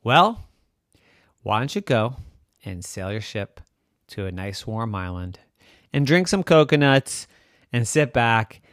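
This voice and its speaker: A man doing a calm, wise ghost. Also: mid-range voice, takes it slowly, long pauses, dry recording, studio quality. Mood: explaining.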